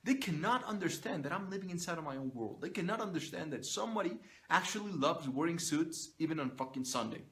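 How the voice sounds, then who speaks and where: A man's voice: a little high, lively intonation, quick pace, hardly any pauses, fairly bright tone. Fired-up, foul-mouthed man preaching to camera. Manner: blunt, profane and fired up, with lots of swearing. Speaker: motivational vlogger. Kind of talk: unscripted motivational monologue to camera. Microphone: phone or camera he is recording himself on.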